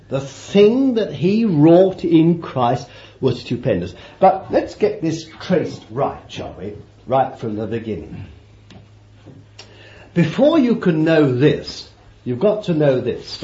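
A man preaching a sermon, swinging from loud declarations to hushed asides and repeating phrases for emphasis. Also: medium pitch, very animated, unhurried. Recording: roomy, dull old sermon tape.

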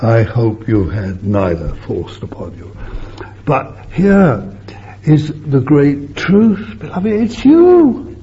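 On a muffled old recording with faint hiss, an older man preaches a sermon in a husky, mid-range voice at a slow pace. He swings between loud, emphatic bursts and soft, hushed asides.

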